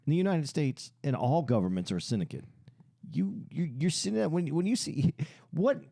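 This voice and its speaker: A man's voice: fairly high pitch, lively intonation, creaky, mellow, no echo, clean studio sound. A man co-hosting a podcast, explaining his views earnestly with frequent restarts. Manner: halting, restarts often, lectures earnestly. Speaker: podcast co-host. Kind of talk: casual podcast discussion.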